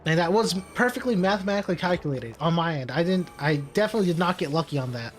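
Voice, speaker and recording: Fast-talking and animated, a gaming commentator with a voice on the high side speaks over faint music. He provides casual let's-play commentary on his own card game, talking himself through every move and muttering and laughing at the setbacks.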